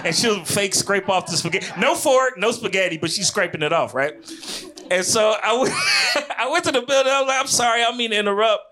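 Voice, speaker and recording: A young man from Chicago with a Midwestern accent, performing a slangy stand-up comedy set on a club stage, shouting his punchlines. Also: sits high, expressive, brisk, noisy background.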